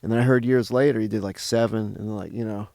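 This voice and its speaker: A comedian guest tells a profane story in casual chat, animated and acting out what other people said. His voice is lowish, fast, and creaky, on a dry, studio-quality recording.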